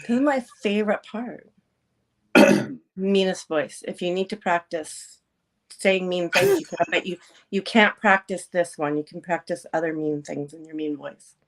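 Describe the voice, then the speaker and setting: A woman's voice: fairly low pitch, measured pace. A woman hosting a casual talk show, playful and teasing, laughing often between her lines. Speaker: podcast host. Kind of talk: casual chat.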